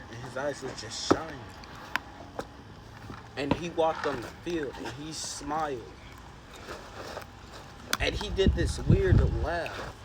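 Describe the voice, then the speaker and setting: A man casually telling a made-up story in a rambling, slangy, laid-back way. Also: medium pitch. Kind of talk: casual fan-fiction storytelling. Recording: loud background noise.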